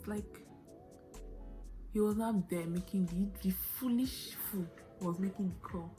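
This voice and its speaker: A woman's voice: mid-range voice, unhurried, music in the background. Dramatic Nigerian woman telling a story. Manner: animated, dramatic storyteller with shifting pace. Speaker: vlogger. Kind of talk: storytime vlog.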